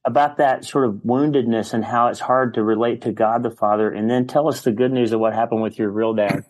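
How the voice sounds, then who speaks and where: A middle-aged man hosting a podcast, asking questions in a gentle, affirming way. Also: mid-range voice, fairly even intonation, brisk, rough recording. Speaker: podcast host. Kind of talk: interview conversation.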